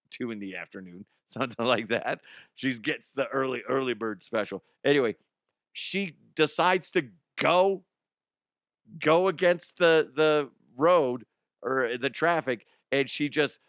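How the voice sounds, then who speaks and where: A man's voice: on the high side, fairly bright tone, no echo, studio quality. A man hosting a comedic news show, talking in a rambling, profane way with frequent laughter. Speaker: podcast host.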